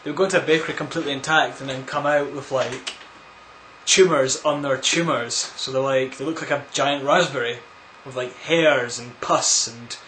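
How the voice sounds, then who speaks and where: A man's voice: mid-range voice, steady tone, moderate pace, fairly bright tone, slight background noise. A man answering viewer questions in a casual, rambling vlog, full of crude, absurd jokes. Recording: echoey room.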